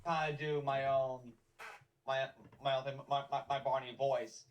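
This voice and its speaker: A man who is a podcast guest, speaking in a halting way and repeating words in a casual interview. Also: mid-range voice, little pitch movement, slight background noise, rough recording.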